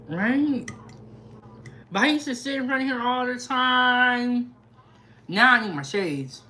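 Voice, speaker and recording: Slow, chatty woman eating on stream. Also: a little high. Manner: relaxed, chatty, savoring food with hums. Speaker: food vlogger. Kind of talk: casual mukbang livestream chat.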